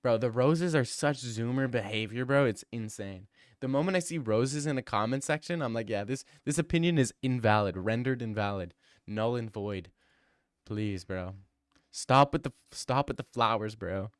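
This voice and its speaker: A man's voice: medium pitch, no room sound, clean studio sound. A young man streaming, casually chatting and mocking his viewers' comments with slang and frequent laughs. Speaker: streamer reading chat. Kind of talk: casual livestream chat.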